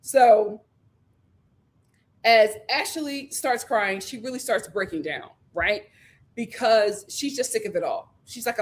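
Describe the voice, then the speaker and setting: A woman hosting a casual recap vlog, telling the story in a lively way and acting out what people said, with filler ums. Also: a little high, slow. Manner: lively storytelling, acts out quotes. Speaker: host.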